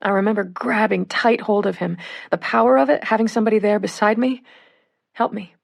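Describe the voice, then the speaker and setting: Gravelly woman reading an audiobook. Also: medium pitch, fairly even intonation, a little fast. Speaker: audiobook reader. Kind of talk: first-person audiobook narration.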